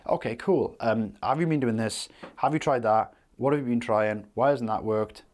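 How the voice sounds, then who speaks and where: A man acting out a brisk male doctor who fires quick questions at a patient. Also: mid-range voice, darkish tone, natural voice. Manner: rapid-fire questioning.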